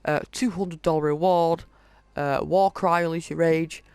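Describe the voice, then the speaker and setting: Brief: male gaming host, slightly high voice with gravelly fry, reads item lists haltingly, casual walkthrough tone. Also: steady tone, a little mellow, no echo. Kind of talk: casual game walkthrough commentary.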